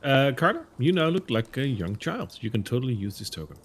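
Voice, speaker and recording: A man's voice: medium pitch, big pitch swings, a little fast, slight background noise. Easygoing man running a tabletop game. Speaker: game master.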